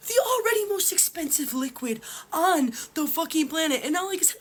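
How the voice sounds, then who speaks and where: A woman with a very high voice vents her fury in a crying, swearing rant. A faint hiss sits under her voice. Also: animated, brisk. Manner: furious, swearing, tearful rant. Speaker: vlogger. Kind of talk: angry ranting vlog.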